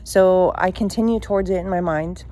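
An adult woman recounts a childhood memory in the present tense. Her voice sits on the low side and her delivery is halting and emotional, full of pauses, fillers and restarts as she works through the story. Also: dark tone. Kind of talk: personal storytelling.

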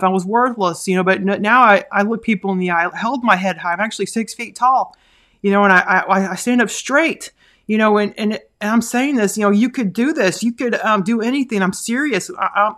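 A woman's voice: mid-range voice, a bit bright. A woman hosting a podcast in a casual monologue, earnest and encouraging, rambling with many fillers and restarts. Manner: rambling, full of "like" and "you know". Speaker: podcast host.

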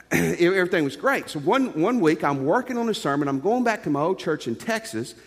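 A man's voice: fairly high pitch, big-room sound. A middle-aged male pastor preaching a sermon in an earnest, conversational way, telling stories from his own life.

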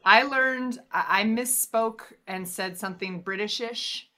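A woman's voice: medium pitch, unhurried, sharp tone. Enthusiastic woman podcast co-host. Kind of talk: casual chat.

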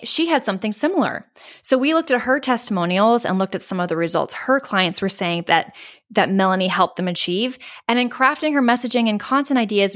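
A woman's voice: fairly high pitch, fairly bright tone. A woman hosting a solo marketing podcast, talking in a candid, chatty way, swearing casually and acting out what her listeners might say. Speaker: podcast host, marketing coach.

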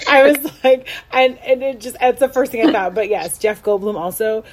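A woman's voice: on the high side, moderate pace. A young adult woman co-hosting a podcast, gushing and laughing often, full of "like" fillers. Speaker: podcast co-host. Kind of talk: casual chat.

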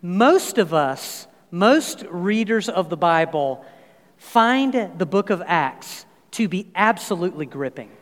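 High-voiced pastor in a reverberant church. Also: male voice, slow. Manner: animated storyteller, many fillers and restarts. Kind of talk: sermon with personal anecdotes. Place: church sanctuary. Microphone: church sound system. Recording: long reverb of a large hall.

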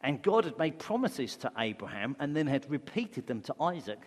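A man's voice: fairly high pitch, very animated, normal speed. A man preaching a sermon as pastor, conversational, asking rhetorical questions. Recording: long hall reverb.

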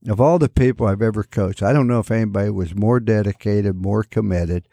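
An older man, a retired football coach, telling lively stories as a guest in a radio interview and acting out the people he quotes. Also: fairly low pitch, fairly quick, gravelly, no echo, clean studio sound. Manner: animated storyteller, acts out quoted voices.

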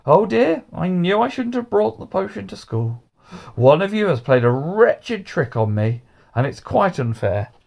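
A fussy, kindly schoolteacher with a touch of magic, voiced by a man reading a storybook. His voice sits a little high and moves about as he talks. He is gentle with his class and easily flustered. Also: very animated, measured pace, creaky, full character voice. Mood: anxious. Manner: gentle, then anxious and cross.

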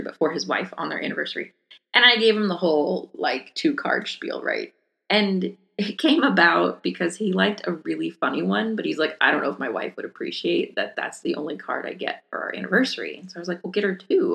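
Chatty woman with a gravelly low voice. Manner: chatty, animated, acts out customers' voices. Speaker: podcast host. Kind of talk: casual storytelling.

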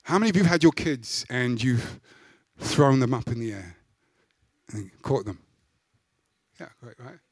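A man preaching a sermon as pastor, emphatic, with loud rising peaks. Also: medium pitch, expressive, measured pace, husky, no echo.

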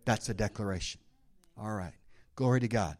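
A man's voice: on the low side, moderate pace, a little mellow. A man preaching a sermon as pastor to a church congregation, emphatic, dropping in amens and calls of praise.

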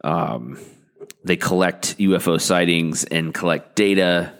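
A male podcast host with a very low voice who drawls through his segments slowly. He stalls, restarts and fills gaps with a deadpan, rambling delivery. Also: clean tone. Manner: halting, full of fillers and restarts, deadpan. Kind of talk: rambling comic podcast talk.

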